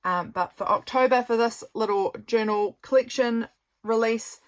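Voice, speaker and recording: A New Zealand journal maker chats casually while showing off her work, her voice on the high side and her pace moderate. She's gushing, softly rambling and a bit tired, even yawning, in this relaxed craft show-and-tell.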